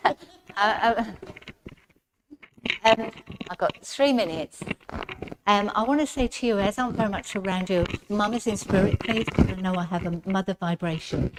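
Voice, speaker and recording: Woman, spiritualist medium, chatty, addressing the audience, village hall, loud hiss behind her. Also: medium pitch. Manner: chatty, speaks straight to the recipient, relays messages. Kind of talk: mediumship demonstration at a service. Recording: loud background noise in a hall.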